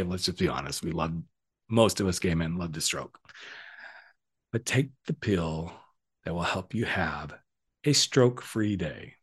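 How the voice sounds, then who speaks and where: A man's voice: deep voice, husky. A middle-aged man hosting a podcast, giving a casual motivational monologue with playful, cheeky asides. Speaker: podcast host and coach.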